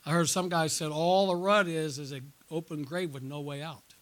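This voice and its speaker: A middle-aged man, a pastor preaching a sermon at a church conference, telling a personal story and calling out to the congregation, rising to loud excited peaks and dropping to quiet asides. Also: on the high side, moderate pace.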